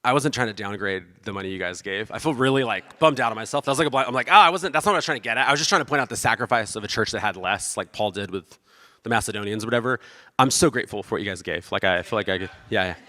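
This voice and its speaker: A man's voice: on the low side, lively intonation, very fast, pushed and bright, in a large hall. A man giving a casual, conversational sermon as pastor, self-deprecating and acting out the voices of the people he quotes.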